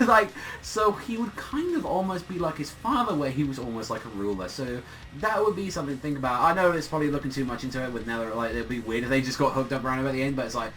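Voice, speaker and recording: A man's voice: mid-range voice, lively intonation, fast, a bit bright, a little hiss or hum, rough recording. A man casually reviewing a manga chapter, rambling with lots of fillers and plenty of swearing.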